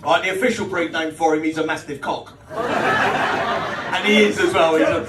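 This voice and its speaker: Cheeky, high-voiced British comedian on stage. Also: male voice, normal speed. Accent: British English. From Britain. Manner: crude, cheeky, chuckles at his own jokes. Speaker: stand-up comedian. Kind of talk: live stand-up set with crowd banter. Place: small social club comedy night. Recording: roomy venue audio taken from a distance, with crowd noise. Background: audience laughter.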